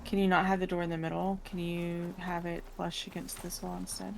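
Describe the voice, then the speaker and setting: A woman's voice: lowish voice, level tone, fairly quick, creaky, a little hiss or hum. A woman playing a co-op game with friends, making polite, somewhat hesitant requests in a casual chat. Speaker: player, co-op teammate. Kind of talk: casual chat while gaming.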